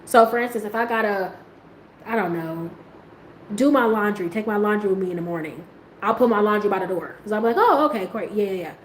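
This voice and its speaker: In a brisk, rambling casual chat, the host laughs a lot and uses plenty of slang, her voice leaping into high squeals whenever she quotes herself before trailing off quietly. The room is echoey, with faint ambient noise behind her.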